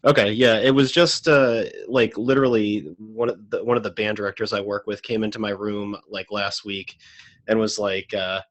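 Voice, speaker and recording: A man, a guitarist and music teacher, talking casually into a USB microphone on a remote call, relaxed and rambling with lots of "like". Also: lowish voice, normal speed. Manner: relaxed, rambling, heavy use of "like". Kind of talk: casual chat.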